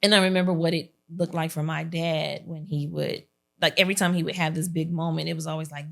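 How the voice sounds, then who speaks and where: A woman's voice: sits low, fast talker, creaky. A woman hosting a podcast in a casual sit-down chat, telling stories and acting out quotes with frequent laughter. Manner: lively storyteller who acts out quotes and laughs often. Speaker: podcast host.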